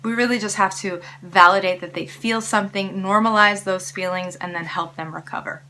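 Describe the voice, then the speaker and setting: A woman's voice: medium pitch, fairly even intonation, brisk, bright, forceful tone. A woman hosting parenting tips, speaking casually and encouragingly straight to her viewers. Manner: encouraging, coaching tone addressing viewers directly. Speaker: parenting educator and host. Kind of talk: casual spoken tips to camera.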